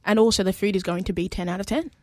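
A woman's voice: mid-range voice, fairly even intonation, racing, darkish tone, dry recording, clean studio sound. A woman co-hosting a sports radio show, bubbly and talkative, often tripping over her words. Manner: bubbly, stumbles and repeats words. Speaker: radio co-host. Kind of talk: casual radio chat.

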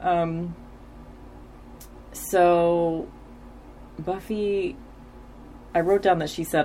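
A woman's voice: on the low side, steady tone, drawn-out words, pauses often, warm tone, a little hiss or hum. A woman in her forties casually recapping a TV episode as a podcast host, rambling with lots of filler words and easy laughs.

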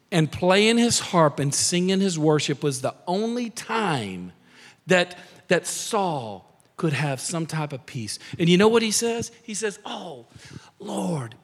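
A man preaching a sermon as pastor, dropping to soft near-whispers and building to shouted emphasis. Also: sits high. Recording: long hall reverb.

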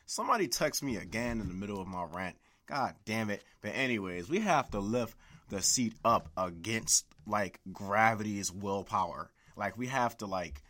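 Speaking at a moderate pace, this young man's fairly low, slightly bright voice carries his solo podcast. His rant is loose and profane, padded throughout with filler words and a steady stream of "like."

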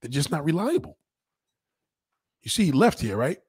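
A man's voice: moderate pace, slightly rough, no room sound, studio quality. A man on a live stream, mocking a viewer's comment in a heated, profane rant and repeating himself for emphasis. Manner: animated, pitch jumps up when indignant. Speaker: livestreamer reading viewer comments.

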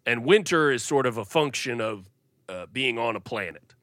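A man's voice: medium pitch, animated, moderate pace, a bit bright, dry recording. A man co-hosting a comedy podcast, earnestly and pedantically picking apart a detail of a story. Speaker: podcast co-host. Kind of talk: casual comic chat.

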